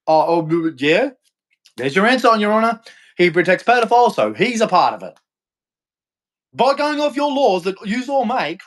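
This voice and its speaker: A man with an unusually high, bright-toned voice for a man, ranting on a livestream. He speaks in a heated, accusatory way, hammering the same points again and again with harsh, profane language. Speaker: livestream host. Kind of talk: angry livestream rant.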